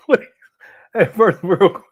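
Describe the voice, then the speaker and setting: Speaking very slowly in a high, breathy voice that sounds phone-quality, a middle-aged livestream host reacts to a clip. He laughs frequently and chats with his viewers throughout.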